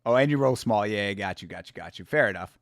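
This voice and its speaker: A man's voice: fairly low pitch, animated, quick pace, no echo, studio quality. A man hosting a fight watch-along stream, chatting loosely with viewers, joking and swearing a lot. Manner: loose, profane, joking, talking to chat. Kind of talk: casual livestream chat reacting to fights.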